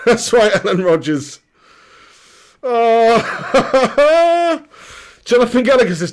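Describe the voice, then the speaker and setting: A man's voice: very high-pitched, expressive, slow pace, long pauses. A man hosting a live football watch-along, joking, laughing and swearing at the match. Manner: jokey, laughs a lot, swears.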